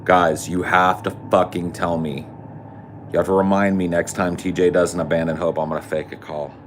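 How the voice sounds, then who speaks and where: A man's voice: sits low, level tone, moderate pace, a little hiss or hum. A man co-hosting a podcast in casual chat, crude and joking with frequent swearing. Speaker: podcast co-host.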